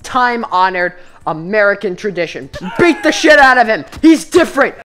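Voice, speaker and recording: A woman's voice: medium pitch, sing-song, normal speed, fairly bright tone. A woman giving comedic, profane commentary while playing a VR game and chatting with its characters. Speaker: gamer.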